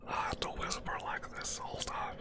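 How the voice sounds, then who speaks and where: A man keeps his voice down to a breathy whisper while he plays a horror game. His hushed delivery sounds nervous. He whispers close to a desk microphone. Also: a little fast, loud music behind the voice. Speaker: gaming channel host.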